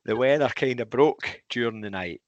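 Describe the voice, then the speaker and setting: A man's voice: mid-range voice, normal speed, muffled recording, crowd noise. A man hosting a podcast, asking questions in a hesitant way with many ums. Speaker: podcast host. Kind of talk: casual podcast interviewing.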